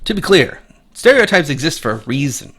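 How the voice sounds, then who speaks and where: Man, blunt opinion vlog, sharp bright tone, profane, rambling. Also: fairly high pitch, sing-song, fairly quick, breathy edge. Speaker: commentary channel host. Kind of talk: opinionated casual commentary.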